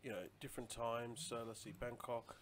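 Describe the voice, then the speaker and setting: A man's voice: mid-range voice, completely flat delivery, moderate pace, fairly bright tone, a little hiss or hum. A man chatting casually on a live stream, rambling loosely and answering viewer comments as he goes.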